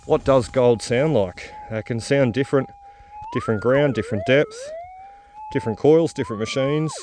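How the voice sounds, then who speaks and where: A man's voice: mid-range voice, wildly swooping pitch, moderate pace, a little mellow, slight background noise. A man, hosting his own metal detecting videos outdoors in the bush and chatting straight to his viewers. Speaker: metal detecting channel host. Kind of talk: outdoor narration while detecting.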